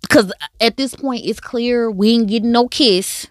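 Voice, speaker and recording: A woman in a casual, animated chat reviewing a drama series, telling the story with slang and asides. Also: a little high, a little slow, no echo, studio quality.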